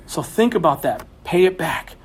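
A young man preaching a sermon, animated, with bursts of raised voice. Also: fairly high pitch, moderate pace, slightly rough. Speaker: pastor.

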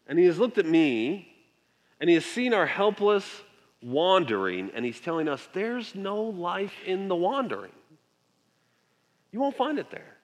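A man delivers a sermon with a conversational touch, often asking his listeners questions. His voice sits high. The sound rings with the long reverb of a large hall. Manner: conversational, asks the congregation frequent questions. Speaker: pastor.

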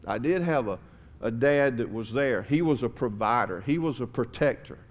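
A pastor preaches to his church in a plain, folksy, conversational way. His voice sits at an ordinary middle pitch, and he often sinks into a soft, tender hush to press a point home. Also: lively intonation, moderate pace, lo-fi sound. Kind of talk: sermon. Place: church sanctuary.

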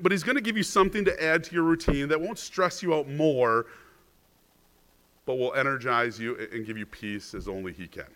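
Bright-voiced man preaching conversationally. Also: on the high side. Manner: chatty, asks the congregation "right?"; restarts words when stressing a point. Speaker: pastor. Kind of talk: conversational sermon.

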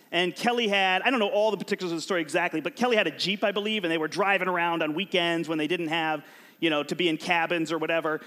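A man giving an energetic, joking sermon as a youth pastor, urging his audience to join in and shout out answers. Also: high-pitched. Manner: animated and joking, prompts the crowd to shout answers.

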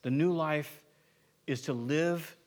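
A man preaching a sermon as pastor, conversational and animated, with many asides and acted quotes, often dropping to a quieter, earnest tone. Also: on the high side, takes it slowly.

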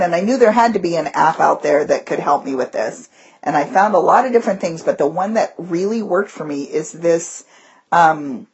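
Female co-host, teacher; lower husky voice, lively casual storyteller. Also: lo-fi sound. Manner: animated storyteller, breaks into voices. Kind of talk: casual chat.

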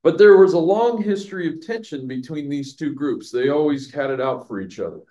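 A man's voice: a little high, expressive, fairly quick, dark tone, muffled recording. A man teaching a Bible passage verse by verse, chatty, asking his listeners questions and laughing at his own jokes. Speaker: pastor teaching a Bible study.

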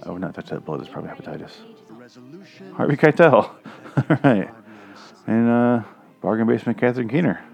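Speaking a little fast at a medium pitch, this gravelly-voiced man leaves long pauses as he tosses out rambling, sarcastic, foul-mouthed remarks about a movie. The film's audio plays in the background.

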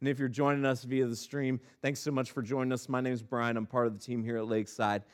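A middle-aged man, a pastor, preaching a sermon in a church and telling family stories with animated delivery. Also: mid-range voice, quick pace. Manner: animated storyteller, acting out his kids and himself. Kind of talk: sermon with personal storytelling. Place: church sanctuary.

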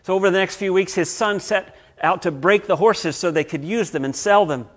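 A man's voice: sits high, brisk. Male pastor preaching. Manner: storytelling with swings from loud to hushed. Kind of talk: sermon.

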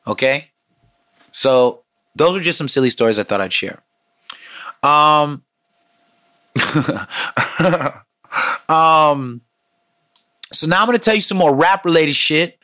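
A man hosting a podcast, telling street stories in a casual, profane, animated way and acting out quotes. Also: on the high side, slow pace, long pauses. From San Francisco Bay Area. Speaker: podcast host. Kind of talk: casual storytelling monologue.

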